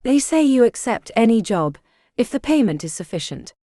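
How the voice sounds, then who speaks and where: A woman reading an audiobook, voicing a quiet, proud, desperate young woman who speaks softly and earnestly. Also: a little high, sing-song, moderate pace, dry recording, studio quality, voice pushed up. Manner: soft, restrained and earnest.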